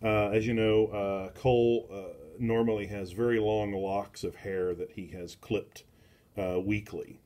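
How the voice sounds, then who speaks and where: A man's voice: on the low side, little pitch movement, mellow. A middle-aged man hosting a casual book club, reviewing comics in a rambling way full of filler words and restarts. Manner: slow and deliberate.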